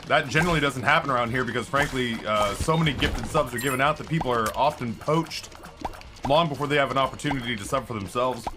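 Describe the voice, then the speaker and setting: A man's voice: mid-range voice, quick pace. Male streamer, loose casual chat with frequent self-corrections, over background music. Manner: rambling, self-correcting, chatty. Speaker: game streamer.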